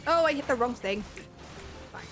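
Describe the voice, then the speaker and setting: A woman streamer rambles through casual chat, full of fillers and little asides, while she plays. Her voice sits fairly high. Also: lively intonation, normal speed, fairly bright tone, soft background music.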